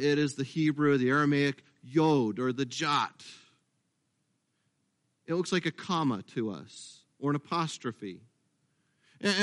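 A middle-aged man preaches in a relaxed, conversational way, stopping to correct himself and drop in asides. His voice sits a little high for a man. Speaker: pastor. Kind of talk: sermon.

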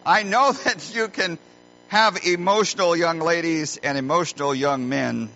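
Middle-aged man, pastor, sermon, folksy earnest storytelling, forceful voice, muffled lo-fi recording, faint hum. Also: on the high side, a little slow. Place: church sanctuary.

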